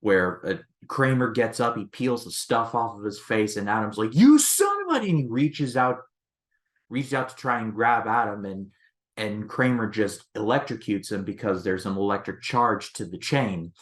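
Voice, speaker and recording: Host of a casual movie review channel, a man with a slightly low voice, rambling style full of restarts. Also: moderate pace, fairly bright tone. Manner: rambling, leans on "basically" and restarts.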